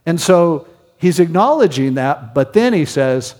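In a hall with long reverb, a man preaches a Bible-teaching sermon in a conversational style full of rhetorical questions. His slightly high, slightly mellow voice is very animated yet a little slow.

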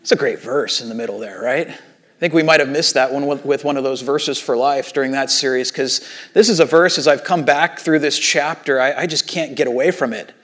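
A man preaching a sermon as a pastor, retelling Bible stories in lively acted-out voices and casual asides. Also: medium pitch, a little fast.

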